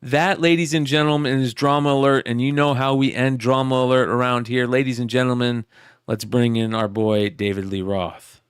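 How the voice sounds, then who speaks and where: Smooth-voiced man hosting a podcast. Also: mid-range voice, steady tone, normal speed. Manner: laid-back, brotherly banter. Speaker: podcast host. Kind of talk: casual chat.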